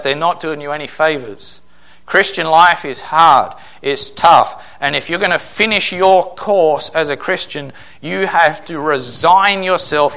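A man's voice: fairly high pitch, fairly bright tone. A man preaching a sermon, emphatic, acting out quoted voices. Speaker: pastor.

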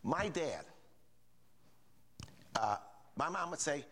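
A man's voice: mid-range voice, lively intonation, normal speed, fairly bright tone. An older man preaching a sermon in a folksy, repetitive way, often asking the congregation rhetorical questions. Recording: reverberant hall.

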